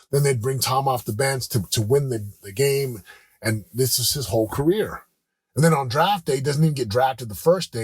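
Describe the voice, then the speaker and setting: Husky man, earnest pep talk. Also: mid-range voice, no echo. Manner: earnest, storytelling, rises to loud coaching pep talk. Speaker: podcast host. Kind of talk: motivational talk.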